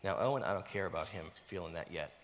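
A middle-aged man preaching a sermon as a pastor, animated and self-mocking, dropping to near-whispers at times. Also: low-pitched, fast, a little hiss or hum. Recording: long reverb of a church hall.

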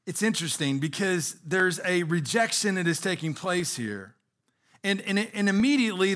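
Pastor, male, middle-aged: high, sharp-toned voice, earnest sermon delivery with questions to the room. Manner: earnest preaching with rhetorical questions.

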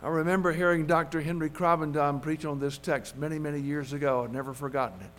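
A male pastor preaching a sermon in an earnest, measured way, driving points home with repetition. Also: a little high, steady tone, a bit bright, slight background noise.

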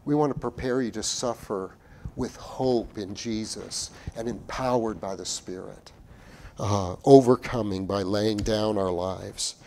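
A man's voice: on the low side, a little slow, slight background noise. Earnest preaching man with surging emphasis. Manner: earnest, building to emphatic peaks then dropping to quiet; restarts and repeats phrases while preaching. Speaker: pastor. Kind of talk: sermon.

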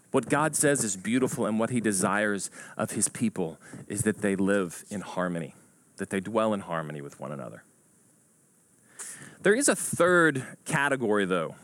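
A man's voice: mid-range voice, low-quality recording. A man preaching a sermon, telling stories and acting out a joke in rising voices. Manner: animated storytelling, acts out a joke in rising voices. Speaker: pastor.

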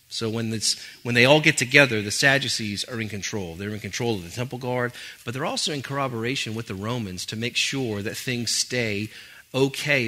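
A man preaching a sermon as pastor, conversational with animated asides. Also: medium pitch.

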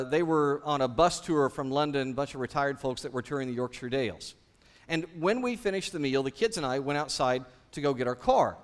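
A pastor with a fairly high voice preaches a sermon animatedly, throwing rhetorical questions to the congregation.

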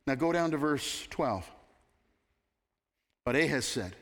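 A man preaching a sermon, emphatic and expressive, with dramatic pauses as he works through the scripture. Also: mid-range voice. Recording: long hall reverb.

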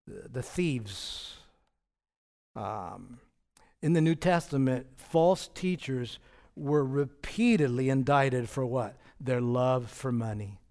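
A man preaching a sermon in a conversational way, asking his listeners rhetorical questions and laughing softly now and then. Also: on the high side. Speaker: pastor.

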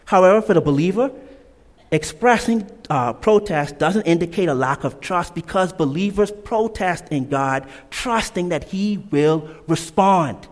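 A man's voice: on the high side, lively intonation, a little slow. A man preaching a sermon in an emphatic way. He repeats key lines and drops in casual asides. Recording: long reverb of a large hall.

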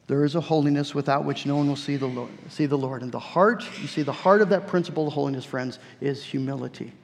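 Gravelly preaching man in a reverberant hall. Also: medium pitch. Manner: earnest preaching with repeated phrases. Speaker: pastor. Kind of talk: sermon. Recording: long church reverb.

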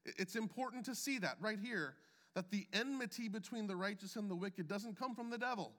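A man delivering a sermon in a high, bright voice, taking his time over every phrase. He pauses deliberately and lets key words sink low for emphasis. His voice carries the long reverb of a large hall. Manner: measured preaching with deliberate pauses and emphatic drops. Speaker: pastor. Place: church sanctuary.

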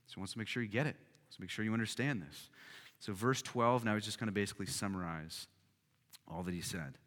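A man's voice: fairly low pitch, fairly bright tone. A man pastor preaching a sermon, emphatic and conversational with frequent fillers. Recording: reverberant hall.

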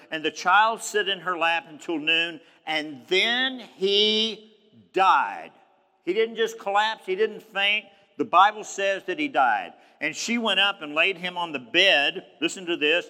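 A man's voice: high-pitched, moderate pace, few pauses, pushed and bright, big-room sound. A man preaching a sermon, reading scripture and retelling it in a conversational, emphatic way. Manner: conversational, emphatic, acts out quoted speech.

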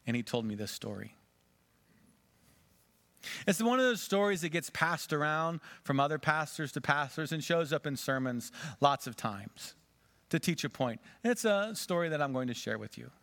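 A man's voice: mid-range voice, creaky. Storytelling male pastor. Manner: dramatic storytelling, varying loudness and pace. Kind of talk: sermon.

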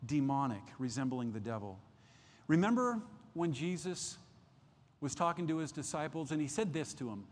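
A man's voice: expressive, moderate pace, a little mellow. Emphatic preaching man in reverberant hall. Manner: emphatic preaching with rising pitch and volume, many restarts. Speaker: pastor. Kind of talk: sermon. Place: church sanctuary.

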